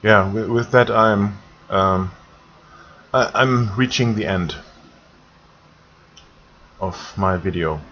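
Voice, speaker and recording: A man from Germany with a German accent, speaking English in a grumpy, halting vlog rant, repeating words and swearing. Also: lowish voice, a bit bright. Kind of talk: ranting monologue vlog. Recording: dull lo-fi recording.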